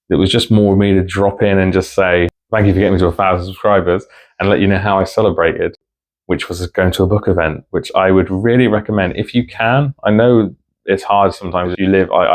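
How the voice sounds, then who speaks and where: A man vlogging about books in a rambling, heartfelt casual chat to camera. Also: sits low. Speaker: book vlogger.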